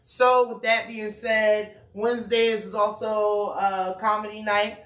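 A woman chef chatting casually with friends and customers, laughing and using relaxed slang. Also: mid-range voice, takes it slowly. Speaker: chef and restaurant owner. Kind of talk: casual promo chat. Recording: echoey room, mic far off.

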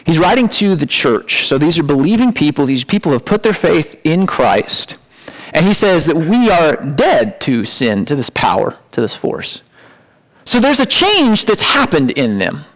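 Lively, conversational man preaching. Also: a little slow, rough recording. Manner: conversational, animated, jumps high for emphatic asides. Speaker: pastor. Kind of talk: sermon.

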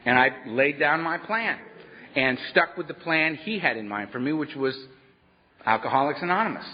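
A man sharing his own story at a workshop, animated and wry, often laughing as he talks. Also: a little high, moderate pace. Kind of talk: personal storytelling talk to a live audience. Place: meeting hall at a workshop. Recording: dull lo-fi with long hall echo.

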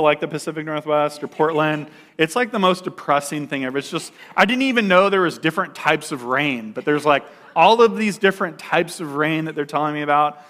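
A young man sharing a personal testimony in a casual storytelling style, full of "like" fillers and animated retelling. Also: fairly high pitch.

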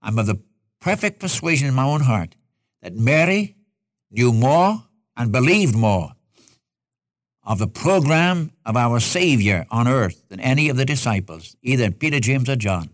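A male Bible teacher delivers a sermon in an earnest, homespun manner. He speaks straight to his listeners and keeps asking rhetorical questions. His voice sits at an ordinary middle pitch, and the recording is dry and close with no room echo. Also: big pitch swings, a little slow. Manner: earnest, folksy, addresses listeners directly.

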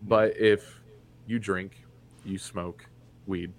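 Very slow and steady, his voice sitting low, this young Indiana man tells a personal story on a podcast. It's casual storytelling in conversation. He stays frank and blunt, swearing freely throughout.

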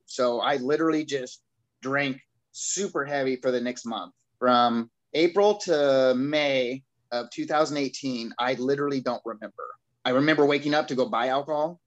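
A man's voice: mid-range voice, dull audio. A man from the United States recounting his past in casual storytelling. He is candid and laughs at himself, and he acts out the lines of the other people in his story. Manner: animated, acts out dialogue with others. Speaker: guest telling his recovery story.

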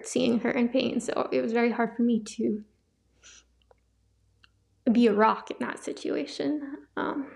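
A young woman hosting a podcast, sharing a personal faith testimony in a soft, halting, emotional way with many pauses. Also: on the high side, gravelly. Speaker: podcast host. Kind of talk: personal testimony, casual talk.

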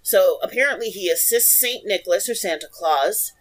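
A woman's voice: mid-range voice, animated, normal speed, poor audio. A young woman co-hosting a casual podcast, reading folklore research aloud with playful, giggly asides. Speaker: podcast co-host.

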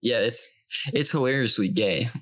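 A man's voice: medium pitch, moderate pace, fairly bright tone. A young man co-hosting a podcast, telling stories in a laid-back, joking way. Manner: laid-back storytelling, gravelly. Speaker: podcast co-host. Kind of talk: casual joking chat.

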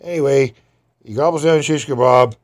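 A man's voice: mid-range voice, brisk. A man telling rambling, folksy stories from his past in casual, loose grammar. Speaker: storyteller. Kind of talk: rambling personal storytelling.

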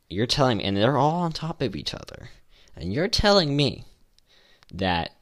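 A man's voice: lowish voice, a bit bright. A young man hosting a solo podcast, talking casually and rambling with restarts and fillers. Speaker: podcast host.

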